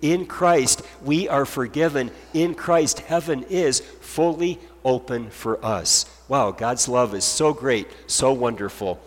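A man's voice: mid-range voice, a little slow, hardly any pauses, big-room sound. A man preaching a sermon as pastor, earnest and emphatic, driving points home with repetition.

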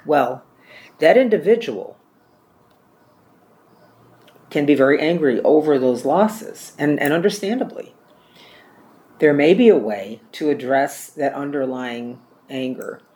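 A man's voice: mid-range voice, a little mellow. Plain-spoken male church trainer teaching. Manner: plain-spoken, repeats and corrects himself while teaching. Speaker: church care-ministry trainer. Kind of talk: classroom teaching.

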